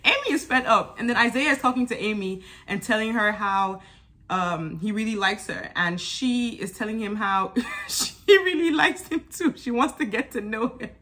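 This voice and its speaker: A woman with a bright, forceful voice, talking casually and animatedly to her viewers. Her pitch sits a touch high, and she laughs often as she recaps the episode. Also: lively intonation, moderate pace. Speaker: YouTube reality TV reviewer.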